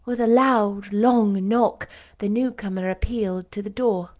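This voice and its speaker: A woman narrating a classic novel in the first person, expressive and emotional. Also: mid-range voice, a little slow. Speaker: audiobook narrator. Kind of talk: expressive literary reading.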